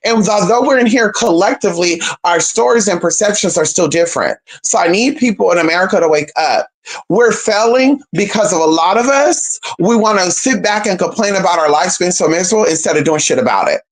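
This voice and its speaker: A woman's voice: on the low side, lively intonation, brisk. Sassy, emphatic woman streamer. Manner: sassy, emphatic, swearing, calls viewers girl and babe. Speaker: livestream host. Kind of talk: unscripted monologue to viewers.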